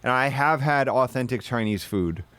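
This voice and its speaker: A man streaming live, telling rambling, profane stories in casual chat and now and then bursting into shouted put-on voices. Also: mid-range voice, expressive, moderate pace, smooth, no room sound.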